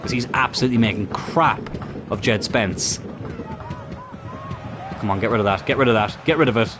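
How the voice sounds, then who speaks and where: Speaking at a normal speed in a lowish voice, a male gaming YouTuber commentates his football career-mode game live. He's annoyed and profane, talking to the players on screen, with faint background noise.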